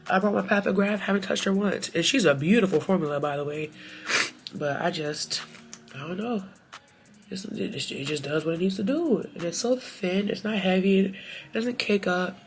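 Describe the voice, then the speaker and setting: A woman talks her viewers through her makeup in a loose, chatty way. She is animated and quick with sassy exclamations, her pitch sitting right in the middle, with faint music playing underneath. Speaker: beauty vlogger. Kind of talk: chatty get-ready-with-me talk.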